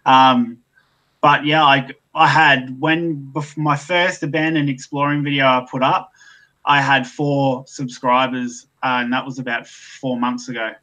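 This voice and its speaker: An Australian man with a bright, forward tone talks loosely over a video call. He rambles and fills gaps with ums. He puts himself down with an easygoing shrug. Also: mid-range voice, steady tone, a little slow, poor audio. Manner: self-deprecating, rambling with many fillers. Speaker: guest YouTuber. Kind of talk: casual chat.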